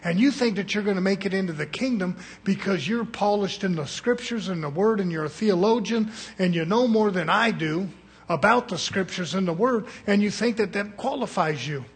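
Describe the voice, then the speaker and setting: Male preacher, raspy rough voice, slightly high, blunt folksy sermon style with call-and-response. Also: lively intonation, moderate pace.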